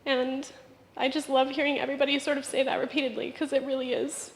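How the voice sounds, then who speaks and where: A young woman giving an emotional speech at a memorial service, halting, restarting and laughing through tears. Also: high-pitched, flat delivery. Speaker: memorial speaker. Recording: echoey hall with long reverb.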